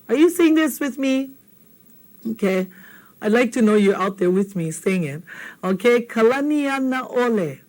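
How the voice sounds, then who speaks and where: A woman from Hawaii with a Hawaiian accent teaches a televised language lesson, patient and playful, repeating each word slowly and often asking "okay?" Her voice is on the high side with lively intonation and a darkish tone, and the recording is rough.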